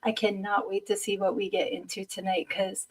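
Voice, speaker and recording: A woman's voice: mid-range voice, level tone, normal speed. A woman in her fifties hosts a live podcast, chatting loosely with her viewers. She rambles and laughs easily, and sounds tired after a short night's sleep. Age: 50s. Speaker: podcast host. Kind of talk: casual live-stream chat.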